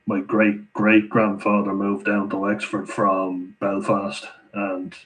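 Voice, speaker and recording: Irish male streamer, casual live chat host, lowish steady voice, laughs a lot. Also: slow, low-quality recording. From Ireland. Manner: chatty, laughs often, reads comments aloud. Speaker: livestream host answering viewer chat.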